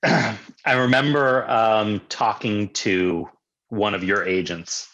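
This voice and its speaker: A man co-hosting a casual chat, quick to agree and prone to rambling restarts. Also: on the low side, fairly even intonation, fairly bright tone, highs cut off. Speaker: podcast co-host.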